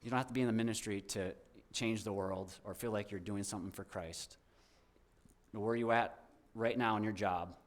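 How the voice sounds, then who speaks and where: Standing before a church congregation as a guest speaker, a young man gives a loose, wandering personal testimony at a moderate pace with fairly even intonation. His voice is a little low, and he often loops back and starts sentences over, sincere more than polished.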